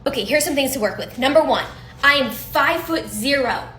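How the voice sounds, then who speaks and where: A woman's voice: high voice, expressive, a little fast, sharp tone, slight background noise. Upbeat woman giving career tips. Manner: upbeat, encouraging, punchy. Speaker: career advice creator. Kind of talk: casual tips to camera.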